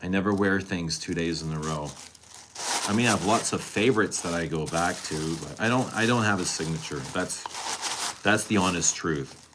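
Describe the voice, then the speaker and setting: Deep-voiced man teasing his chat. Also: normal speed, background noise. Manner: teasing, chatty, answers chat directly. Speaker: fragrance streamer. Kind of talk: casual live-stream chat.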